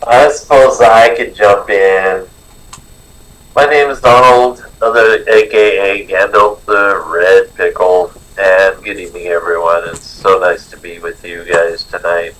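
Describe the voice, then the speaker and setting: A man's voice: low-pitched, steady tone, a bit bright, distant mic, rough recording. A man sharing his recovery story at a support meeting, reflective and full of fillers. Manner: slow, reflective, with many fillers. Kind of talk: personal recovery share.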